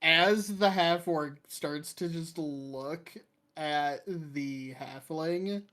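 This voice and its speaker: A tabletop player who speaks haltingly, with many "um"s and "like"s. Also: medium pitch, fairly bright tone. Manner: halting, full of filler words. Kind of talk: casual tabletop play.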